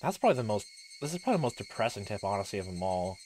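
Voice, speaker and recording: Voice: low voice, sing-song, rapid-fire, darkish tone, a little hiss or hum. A let's play host giving casual game commentary, rambling, full of fillers and trailing asides.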